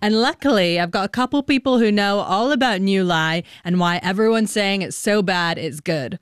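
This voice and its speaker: A woman's voice: medium pitch, normal speed, clear, resonant tone, dry recording. A woman hosting a news podcast in a chatty, upbeat presenting manner, on a studio mic. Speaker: podcast host.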